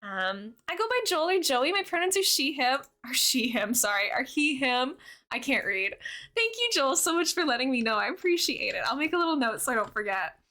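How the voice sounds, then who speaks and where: Bubbly young woman streamer, lively pitch. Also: brisk. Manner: bubbly, chatty, giggly, reads chat aloud. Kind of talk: casual livestream chat with viewers.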